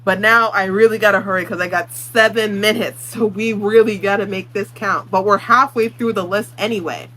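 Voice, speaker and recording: A woman's voice: mid-range voice, steady tone, normal speed, few pauses, pushed and bright, rough recording. A woman book vlogger ranting her opinions in casual talk, blunt and exasperated, swearing freely. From Puerto Rican.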